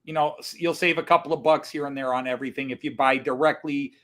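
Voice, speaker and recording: Joking bright-toned man co-host. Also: fairly high pitch, fairly even intonation, quick pace. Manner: joking, chatty. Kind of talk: casual live-stream banter.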